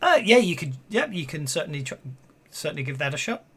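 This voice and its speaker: Rambling male game master, higher voice. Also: big pitch swings, fast, pushed and bright, slightly rough. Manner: rambling with many fillers and restarts. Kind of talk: narrating a tabletop game.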